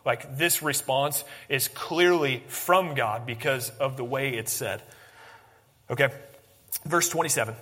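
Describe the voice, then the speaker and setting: A man preaching a sermon, swinging from animated emphasis to hushed, intense lines. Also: mid-range voice, a little slow, big-room sound. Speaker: pastor.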